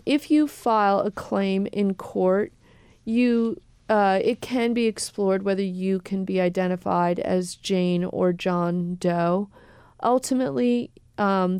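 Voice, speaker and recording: A woman attorney answering questions on a radio talk show in a careful, measured way with frequent pauses. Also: mid-range voice, darkish tone, clean tone, no echo, clean studio sound. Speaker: attorney guest.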